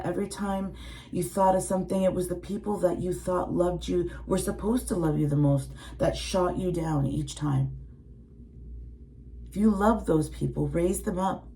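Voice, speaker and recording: A tarot reader in her late forties rants bluntly and emotionally at her viewers, swearing heavily and imitating other people's voices. Her voice is fairly low and creaky yet mellow, moving at a moderate pace, with a little hiss or hum in the recording.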